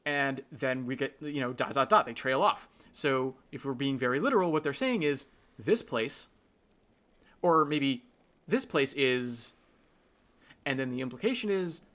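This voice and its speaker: Brisk and a bit bright, his medium-pitched voice leaves few pauses as he hosts a casual explanatory talk. He thinks aloud with fillers and restarts, often checking in with the listener through tag questions.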